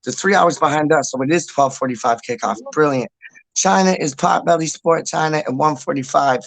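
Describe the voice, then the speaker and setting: Reading viewer comments on his relaxed livestream, this host rambles, repeats himself and drops the odd swear word. His voice is fairly high-pitched and gravelly, his delivery fairly quick, and there's no echo.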